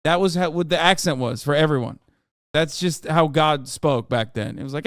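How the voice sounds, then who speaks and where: A man in his thirties rants through a reaction stream, swearing freely and climbing into loud, excitable bursts. His voice sits fairly high for a man and comes through smooth and clear. The close mic gives a dry, intimate sound with no room around it. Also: fairly quick, dry recording. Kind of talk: casual profane reaction commentary.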